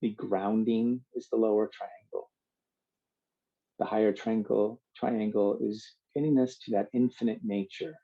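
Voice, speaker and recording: A man leading a yoga workshop, giving calm, slow guided instructions with drawn-out cues. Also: lowish voice, muffled recording.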